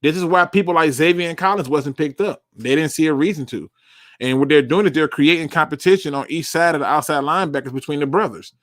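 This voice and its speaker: Blunt, emphatic man with a fairly high voice. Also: fast, a bit bright, no echo, clean studio sound. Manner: blunt and emphatic, with frequent cursing and repeated words for emphasis. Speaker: podcast host answering live chat. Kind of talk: casual live sports talk.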